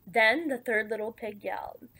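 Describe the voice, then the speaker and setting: A woman reading a picture book aloud in the wolf's first-person voice, playful and expressive, with chatty asides to listeners. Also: on the high side, moderate pace, husky. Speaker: storybook reader.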